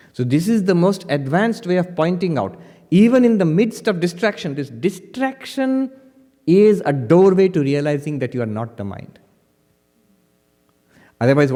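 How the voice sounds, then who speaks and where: A male monk gives a spiritual lecture in a lively, gently humorous way, often restarting words as he goes. His voice sits fairly high for a man. A long hall reverb trails behind him. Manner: animated, gently humorous, with frequent self-corrections. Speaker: monk and Vedanta teacher.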